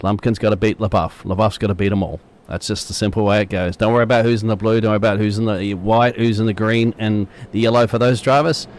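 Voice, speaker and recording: A man giving color commentary on a sim race in a rapid, chatty way. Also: lowish voice, steady tone. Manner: rapid, chatty analysis with fillers.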